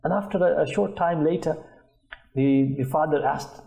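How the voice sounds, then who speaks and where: A man's voice: a little high, normal speed, vocal fry, warm tone. Earnest man in an echoey studio. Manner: earnest, anecdotal, frequent restarts. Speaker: religious talk show guest speaker. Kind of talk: conversational religious talk.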